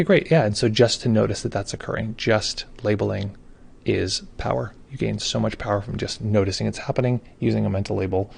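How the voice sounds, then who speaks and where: A man's voice: fairly low pitch, gravelly, darkish tone, a little hiss or hum. A man who hosts a meditation livestream, chatting casually from home as he reads viewer comments, rambling, stumbling over names and gushing with thanks. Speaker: meditation teacher hosting a livestream.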